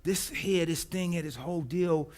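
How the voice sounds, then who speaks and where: A man preaching a sermon as pastor, swinging from hushed, soft lines to loud, emphatic repetition. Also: on the high side, normal speed. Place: church.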